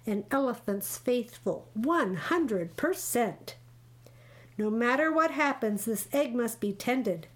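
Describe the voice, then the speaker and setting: Woman reading as a loyal gentle storybook elephant, earnest, slow and steady, high voice. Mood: steadfast. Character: faithful, gentle, patient male elephant. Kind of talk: read-aloud storybook voices.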